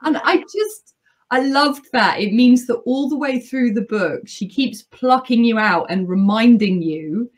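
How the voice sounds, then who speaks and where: A woman, an author and audiobook narrator, chatting as a podcast guest in a lively, playful way, laughing often. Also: on the high side, unhurried. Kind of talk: casual podcast interview.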